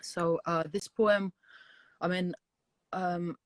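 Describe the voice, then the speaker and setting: A woman's voice: fairly low pitch, fairly even intonation, no echo. Hesitant woman reading her own poems. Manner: hesitant, many pauses and fillers. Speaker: guest poet. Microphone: video call.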